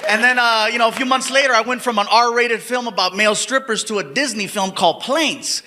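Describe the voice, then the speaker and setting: A man doing stand-up storytelling in an animated, excitable way, laughing along with his own story. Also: very high-pitched, a little fast, big-room sound. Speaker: stand-up comedian.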